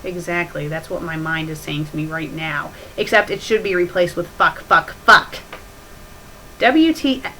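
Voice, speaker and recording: A woman's voice: on the low side, moderate pace, a little hiss or hum, rough recording. A woman hosting a fanfiction critique show, reading the story aloud and breaking in with mocking, exasperated corrections. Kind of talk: sarcastic dramatic reading with commentary.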